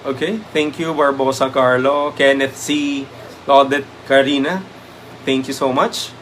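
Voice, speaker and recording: A man's voice: medium pitch, steady tone, measured pace, fairly bright tone, a little hiss or hum. A man with a Filipino accent leads a live exam review, switching between English and Tagalog, with many "um" fillers, and thanks viewers by name. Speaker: review lecturer.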